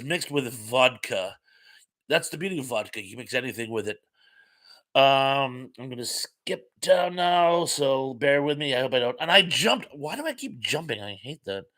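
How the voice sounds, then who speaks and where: An older man hosts a casual live chat, reading out viewer comments and rambling between them. His voice sits at an ordinary middle pitch but has a bright, forward edge. He talks loosely, with fillers and quick asides. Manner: chatty, rambling, reads comments aloud with fillers. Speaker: host.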